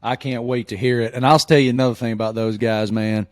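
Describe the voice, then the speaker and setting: A man from southwest Virginia hosting a podcast, telling a hometown story in an animated, joking way. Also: medium pitch, fast talker. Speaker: podcast host. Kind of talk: casual chat.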